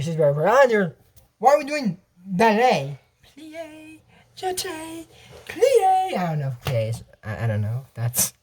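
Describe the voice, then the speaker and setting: A young man casually recapping a cartoon episode, rambling with restarts and laughing at his own jokes. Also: high-pitched.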